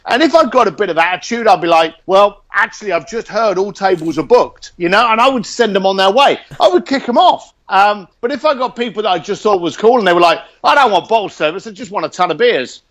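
A man being interviewed, telling stories in a casual, animated and blunt way, swearing freely. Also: sits high, quick pace, few pauses. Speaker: interview guest. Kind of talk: casual storytelling.

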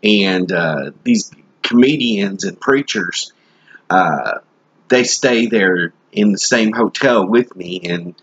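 Husky low-voiced joking preacher man. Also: takes it slowly, fairly bright tone, dull audio. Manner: folksy, joking, rambling delivery. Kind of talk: comic sermon.

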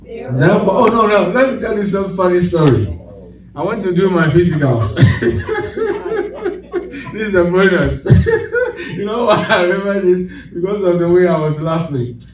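Man preaching in church, kinda high voice, calls out to the crowd, laughs a lot, big echo, mic far off. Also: brisk. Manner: call-and-response preaching, bursts of laughter. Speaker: pastor. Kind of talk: sermon. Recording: echoey church hall, distant mic.

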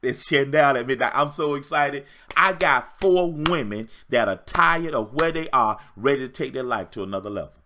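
Speaking at a moderate pace with few pauses over a noisy background, a medium-pitched man in his fifties coaches on relationships via livestream. His motivational talk is emphatic and preachy, and he keeps repeating himself.

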